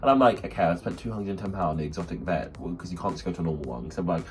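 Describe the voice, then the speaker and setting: A man's voice: low voice, rapid-fire, soft background music. A young man co-hosting a casual chat, telling stories and acting out quotes in funny voices. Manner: animated storytelling, acts out quotes. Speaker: podcast co-host.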